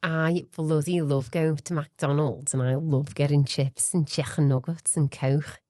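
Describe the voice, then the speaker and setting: A woman putting on a Scouse accent to play a brash Liverpool man who loves fast food, talking slowly and bluntly. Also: low-pitched, steady tone, mellow, no echo, studio quality, voice pushed down. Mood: cheerful. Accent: Scouse (put on).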